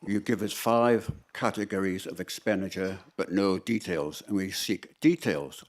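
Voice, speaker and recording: A man's voice: low voice, measured pace. A man from the public putting pointed, insistent questions to a council during question time. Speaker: member of the public asking questions.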